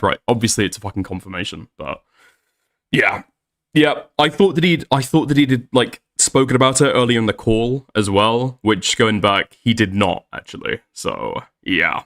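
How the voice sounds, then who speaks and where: A man's voice: lowish voice, expressive, moderate pace, fairly bright tone. A man, rambling and swearing as he recaps an online argument in a casual voice chat. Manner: rambling, frequent restarts and swearing. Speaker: streamer recapping a debate.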